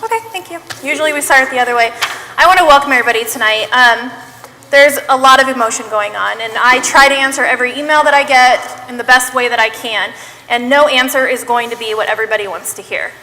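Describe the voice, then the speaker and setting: A woman's voice: sits high, quick pace, pushed and bright, big-room sound, rough recording. A woman leading a public school board meeting, speaking in an earnest, plainspoken and impassioned way. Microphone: meeting microphone on a live stream.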